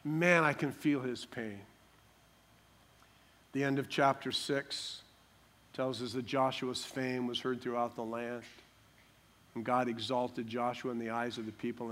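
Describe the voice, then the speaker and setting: A man preaching a sermon with passion, moving between loud pleading and quiet earnest talk, and acting out prayers and quoted voices. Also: fairly high pitch, steady tone, a little slow.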